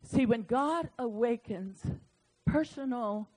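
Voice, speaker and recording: A woman preacher with a high-pitched voice delivers a fervent sermon. She drops to a hush, then rises to full shouts, and she acts out dialogue with God as she goes. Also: animated, takes it slowly. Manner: impassioned, swings from hushed to shouting.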